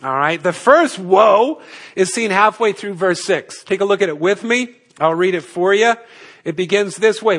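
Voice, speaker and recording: High-voiced pastor preaching a sermon. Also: male voice, fairly bright tone. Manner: measured teaching, rhetorical questions. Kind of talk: expository sermon.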